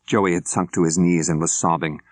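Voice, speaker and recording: An older man narrating an audiobook in a measured, clear storytelling manner, close to the microphone. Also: low-pitched, steady tone, no room sound. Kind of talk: scripted narration. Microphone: close studio mic.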